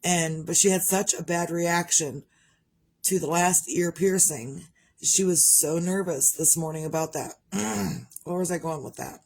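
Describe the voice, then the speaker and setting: Woman, middle-aged, rambling, candid, casual vlog talk, slightly low voice. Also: measured pace, a little mellow. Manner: rambling, candid, conversational with frequent restarts. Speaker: parent vlogger. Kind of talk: casual personal vlog monologue.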